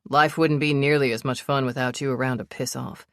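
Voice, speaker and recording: Woman doing a gruff protective storm chaser. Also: fairly even intonation, fairly quick, dry recording, clean studio sound. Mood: teasing. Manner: low growling tone, tender under strain.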